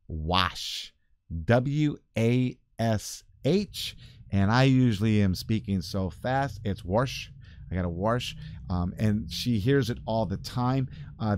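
An older man chats casually and rambles a little, correcting himself as he goes. His voice sits fairly low. The sound is dry, with no room echo. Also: darkish tone. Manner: rambling, chatty, self-correcting. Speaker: pastor hosting a weekly video segment. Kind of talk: casual chat. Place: church office.

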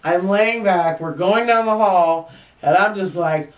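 A woman's voice: on the low side, unhurried, distant mic. A woman vlogger spins a story to her viewers, laughing often and swearing without a filter. Her voice sits a little back from the mic. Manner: chatty and frank, laughing often, with blunt swearing. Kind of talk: casual storytelling to camera.

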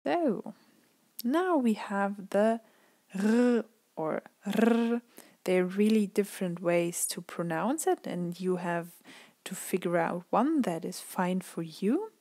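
A woman teaching pronunciation, saying example words slowly and carefully and repeating them for the learner. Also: medium pitch, very animated, a little mellow, dry recording. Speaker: language teacher. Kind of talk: pronunciation lesson.

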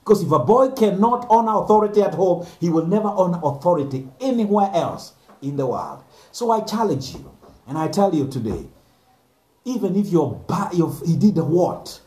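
A man's voice: a little high, a little mellow. A man, a pastor giving an earnest sermon message, repeating phrases for emphasis. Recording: echoey room.

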